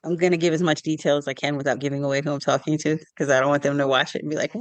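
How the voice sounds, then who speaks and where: A writer hosts a casual podcast, speaking in a measured, deliberate way and steering where the conversation goes next. The voice sits close and dry, with no room echo. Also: mid-range voice, level tone.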